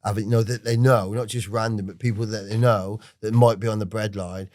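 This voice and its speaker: A man's voice: lowish voice, fairly even intonation, a little fast, darkish tone, no echo, studio quality. A man in his forties with an English accent, a podcast guest telling his life story in a rambling, swearing way with many restarts. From England. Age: 40s. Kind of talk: casual storytelling interview.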